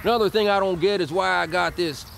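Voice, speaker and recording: A man's voice: sits high, quick pace, creaky, fairly bright tone, pitched below the performer's own voice. A man playing a grumbling male rancher with a Texas accent and a folksy, complaining way of talking. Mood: puzzled.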